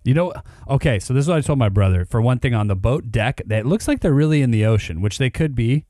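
Laid back guy on a podcast, mellow darkish voice, says like a lot. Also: mid-range voice, lively intonation, fast talker, no echo, clean studio sound. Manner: easygoing, chatty, with many "like" fillers. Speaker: podcast co-host. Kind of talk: casual chat.

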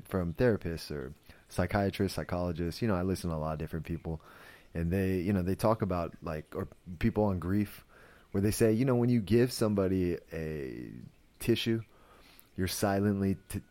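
A man with a low voice talks through his podcast in a casual, wandering way. He restarts his sentences often and fills the gaps with "like" and "you know". He sounds earnest and easily moved. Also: dark tone, no echo. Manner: rambling, with many fillers and restarts; earnest and emotional. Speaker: podcast host. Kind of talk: casual spoken commentary.

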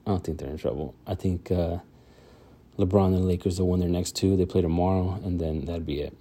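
Low-pitched and dark, this podcast host talks a little fast in a steady tone. It's a casual solo chat, loose and full of fillers and restarts.

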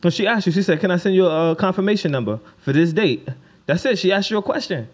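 A man's voice: high voice, lively intonation, quick pace. A man in casual chat who teases his co-host and repeats himself as he starts lines. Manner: teasing, stammers on restarts.

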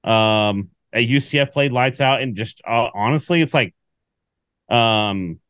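A man's voice: medium pitch, a little slow, clear, resonant tone, dry recording. Guy ranting about a football trip, acting out what people said, dry mic. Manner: animated storyteller, acts out quotes. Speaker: podcast co-host. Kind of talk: casual sports chat.

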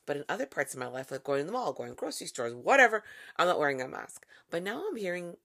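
A woman's voice: low voice, sing-song, fast talker, vocal fry, a bit bright. A woman hosting a podcast, talking in a casual, wry monologue with playful asides. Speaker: podcast host.

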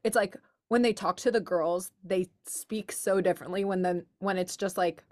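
A woman's voice: lowish voice, steady tone, normal speed, darkish tone. A young woman, a university student, co-hosting a book club podcast and chatting casually with friends, full of "like" fillers as she thinks aloud. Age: young adult. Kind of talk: casual chat.

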